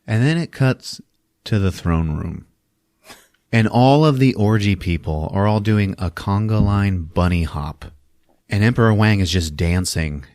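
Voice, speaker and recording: Low-voiced man chuckling through a movie recap. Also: a little slow, darkish tone, dry recording, clean studio sound. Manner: amused, chuckling storyteller. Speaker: podcast host recapping a movie. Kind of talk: casual comic movie recap.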